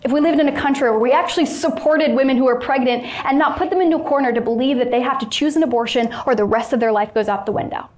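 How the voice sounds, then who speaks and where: A woman's voice: high voice, fast, few pauses, a little mellow, echoey room. A woman arguing as an activist in a heated debate, insistent and rhetorical, building points like a speech. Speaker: anti-abortion activist in a debate.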